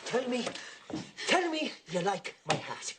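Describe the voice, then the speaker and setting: Joseph, a proud Irish youth. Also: male voice, very high voice, big pitch swings, slow, heavily acted. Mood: pleading. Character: proud hot-headed young Irish man. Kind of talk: film drama acting. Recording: film clip with noisy background.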